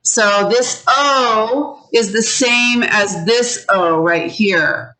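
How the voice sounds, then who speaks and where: A woman teaching pronunciation over a video call, stretching each word out so learners can repeat it. Her voice is bright and clear, and she speaks at an unhurried, deliberate pace throughout. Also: a little high, rough recording. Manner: slow, drawn-out modelling of words for learners to repeat. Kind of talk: online pronunciation lesson.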